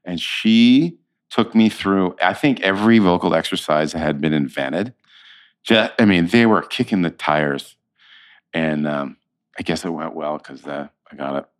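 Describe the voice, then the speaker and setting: A man with a very low, deep voice chats in an interview. He tells anecdotes with animated energy, starting over and acting out what others said. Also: a little slow. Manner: animated storyteller, slips into quoted voices. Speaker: actor, interview guest. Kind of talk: casual interview chat.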